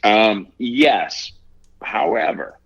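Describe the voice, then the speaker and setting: A man in his sixties from Ohio, a guest talking casually in an interview, halting and reflective with many fillers and restarts. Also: lowish voice, lively intonation, husky, no echo, dull audio. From Ohio, USA.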